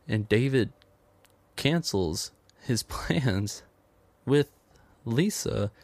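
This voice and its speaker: A man's voice: lowish voice, creaky, darkish tone, no room sound. A man casually retelling a film's plot in a rambling way, quoting the characters as he goes. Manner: rambling storytelling, quotes characters with "he's like". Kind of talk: casual film plot recap.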